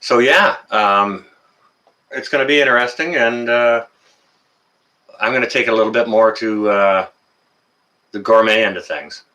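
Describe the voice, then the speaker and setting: Man from Canada, livestream host, low-pitched, bright forceful tone, casual chat full of ums and uhs. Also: a little slow, pauses often. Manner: greets chat viewers by name, chatty, many fillers.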